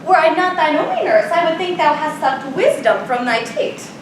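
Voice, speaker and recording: A woman's voice: very high-pitched, very animated, normal speed, recorded from a distance, slight background noise. A woman playing a bawdy, chattering old nurse who rambles and giggles, acting live on a theater stage. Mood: chatty. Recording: roomy stage sound from afar.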